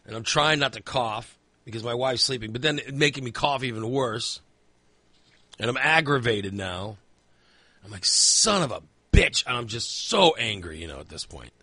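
A man's voice: medium pitch, normal speed, bright, forceful tone, no room sound. A man rambling through a long personal story in casual chat, swearing freely and filling in with lots of asides.

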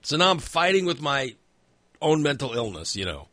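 Bright, rambling man telling a story. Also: medium pitch, sing-song, normal speed, dry recording. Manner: rambling storyteller, filler-heavy, swears freely. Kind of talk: casual chat.

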